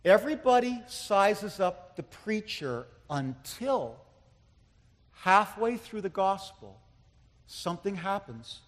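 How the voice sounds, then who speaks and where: Impassioned high-voiced male preacher, echoing hall. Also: big pitch swings, slow pace. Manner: impassioned, building to loud emphatic climaxes. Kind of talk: sermon. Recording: long reverb of a large hall.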